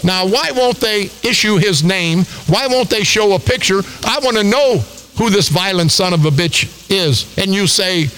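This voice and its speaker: A man's voice: high voice, animated, measured pace, a bit bright, a little hiss or hum, low-quality recording. An older man hosting talk radio, delivering an angry, combative, repetitive rant.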